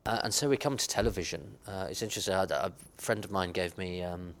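A man's voice: sits low, fast talker. A man hosting a podcast interview, asking long questions with many restarts. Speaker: podcast host.

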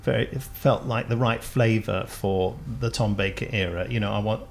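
A man's voice: lowish voice, fairly even intonation, normal speed, vocal fry. A man hosting a podcast, chatting casually and laughing at himself while he has a cold. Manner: chatty, self-mocking, laughs often. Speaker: podcast host. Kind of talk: casual chat. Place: home recording, trains audible outside.

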